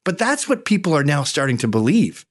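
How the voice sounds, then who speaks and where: Man, interview guest, animated storyteller, slightly high voice. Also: a little fast. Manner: animated storyteller who slips into mocking voices.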